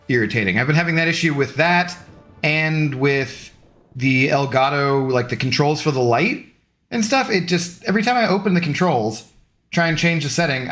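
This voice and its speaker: A man's voice: on the high side, a bit bright. A young adult man streaming, chatting casually with viewers in a rambling, easygoing, self-deprecating way. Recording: faint music underneath.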